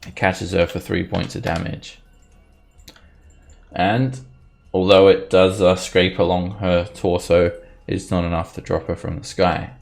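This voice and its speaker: A man narrating a tabletop game as game master, playful and quick to laugh. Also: low-pitched, level tone, creaky, faint music behind. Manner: playful, laughing narration with shouted character lines. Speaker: dungeon master.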